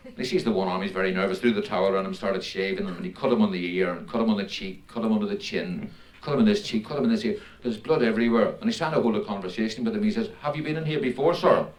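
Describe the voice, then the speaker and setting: A man from Northern Ireland doing live stand-up, telling jokes in a brisk way and laughing between punchlines. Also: on the low side. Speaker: stand-up comedian.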